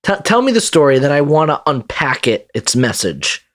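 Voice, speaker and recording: A man's voice: fairly high pitch, very animated, moderate pace, a bit bright, dry recording. Dry-sounding male podcast host. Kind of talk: interview questions.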